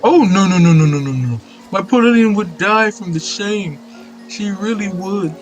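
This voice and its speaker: A man's voice: high voice, animated, moderate pace, soft background music, pitched above the performer's own voice, poor audio. A man voicing a fussy middle-aged male newspaper seller who talks in a theatrical, wordy way while reading game dialogue aloud. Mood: fretful.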